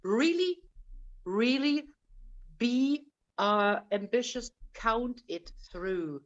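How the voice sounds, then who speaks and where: Woman coach, high and unhurried, firm and direct, dull lo-fi sound. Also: lively intonation. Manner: direct, insistent, calls the singer darling. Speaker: vocal coach. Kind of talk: opera masterclass coaching.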